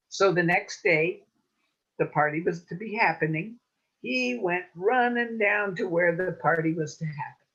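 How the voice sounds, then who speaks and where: A woman storyteller telling a folk tale to an audience in an animated, rhythmic way over a video call, with dull lo-fi audio. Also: fairly low pitch, moderate pace, slightly rough. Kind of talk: oral storytelling.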